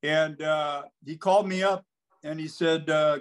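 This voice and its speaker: An older man with a high voice tells stories, lively and chatty. He acts out the quoted lines as he goes. He is heard over a call. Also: measured pace, clean tone. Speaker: guest, basketball coach. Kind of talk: casual anecdotal storytelling.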